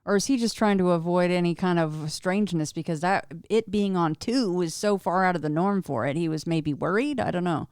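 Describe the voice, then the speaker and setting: A woman's voice: fairly low pitch, fairly quick, few pauses, a little mellow, smooth, dry recording, studio quality. A woman hosting a podcast, chatty and asking long, rambling questions. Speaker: podcast host. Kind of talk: casual chat.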